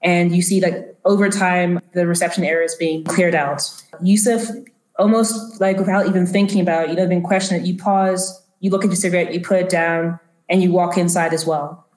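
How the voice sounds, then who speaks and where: A woman's voice: on the low side, steady tone, brisk, darkish tone. A woman narrating a tabletop role-playing game as game master, with a loose, descriptive manner full of fillers. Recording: roomy echo.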